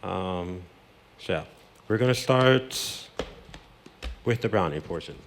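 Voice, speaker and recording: A man's voice: sits low, expressive, takes it slowly, slight background noise. A man hosting a cooking show in a kitchen, explaining a recipe step by step in a chatty, playful way and dropping in Spanish words. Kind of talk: casual cooking demonstration. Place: home kitchen.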